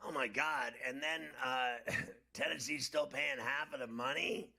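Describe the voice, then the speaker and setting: A blunt, opinionated man co-hosts a sports talk show and scoffs at trades he finds foolish. His voice is heavily gravelly, with a very bright, sharp edge. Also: medium pitch, steady tone, a little slow. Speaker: sports betting show co-host.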